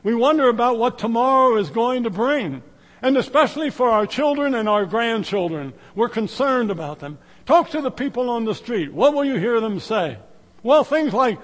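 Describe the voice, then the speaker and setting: A middle-aged male preacher delivering a sermon with a high, very animated voice. He swings from loud, emphatic exclamations to hushed, drawn-out phrases. His voice rings with the long reverb of a church sanctuary.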